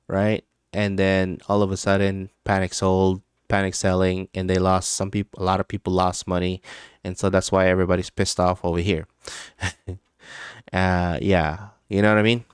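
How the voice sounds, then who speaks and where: A low-pitched man with a smooth, resonant voice chats loosely on a live stream, laughing often and swearing freely. He's recorded close and dry, with no room sound. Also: no room sound. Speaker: crypto trading livestream host. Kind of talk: casual live-stream chat.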